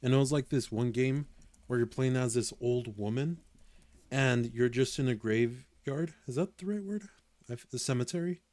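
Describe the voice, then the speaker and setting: A man's voice: medium pitch, normal speed, darkish tone, no room sound. Hesitant man on a dry mic. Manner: hesitant, searching for words. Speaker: podcast co-host. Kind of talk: casual chat.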